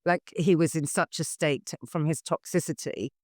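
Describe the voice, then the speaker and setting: A man's voice: fairly high pitch, fairly even intonation, normal speed, no echo, clean studio sound. A man hosting a podcast interview, talking in a rambling, reflective way with lots of restarts. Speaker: podcast host. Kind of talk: conversational interview.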